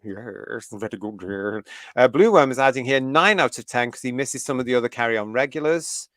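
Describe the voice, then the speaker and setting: A man's voice: mid-range voice, normal speed, a bit bright, no room sound, clean studio sound. A man from the UK hosting a fan review live stream, reading out viewer comments in a chatty, enthusiastic way and laughing often. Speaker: host of a fan review livestream.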